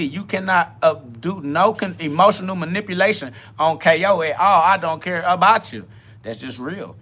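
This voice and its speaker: A man's voice: fairly high pitch, bright, forceful tone. A man hosting a profane self-talk podcast, ranting bluntly in a combative, taunting way. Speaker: podcast host.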